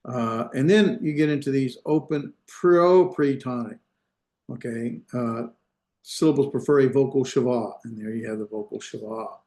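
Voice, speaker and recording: A man's voice: mid-range voice, unhurried, dark tone. Man teaching a grammar class. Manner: explains step by step, often checking the class follows. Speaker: Hebrew grammar instructor. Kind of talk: online class lecture. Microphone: video call.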